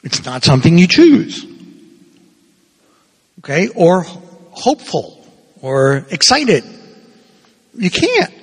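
Lively older priest in an echoing hall. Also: male voice, high-pitched, slow pace, pauses often, husky. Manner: animated, playful preaching with acted-out quotes. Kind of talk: sermon. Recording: reverberant hall.

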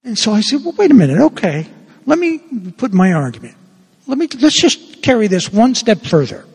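A man's voice: fairly quick, creaky, breathy edge, in a large hall. A priest telling a story in a sermon, acting out the dialogue with big swings in his voice. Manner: animated, acts out dialogue with big pitch swings.

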